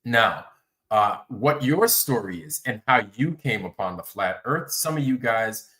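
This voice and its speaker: A man's voice: medium pitch, expressive, unhurried, pushed and bright. A man hosting a livestream, chatting casually, rambling and greeting viewers by name. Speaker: livestream host.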